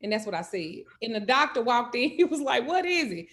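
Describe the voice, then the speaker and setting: A woman telling a comedic story in animated, loud, profane style. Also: a little high, a little fast. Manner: animated, loud, cursing freely. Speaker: host.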